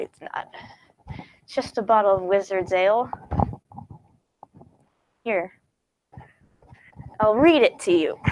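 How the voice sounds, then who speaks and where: A woman's voice: medium pitch, a little mellow, slight background noise, poor audio. A teenage girl chatting casually on a stream, giggling often and rambling. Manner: giggly, rambling, slips into silly voices. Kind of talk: casual chat.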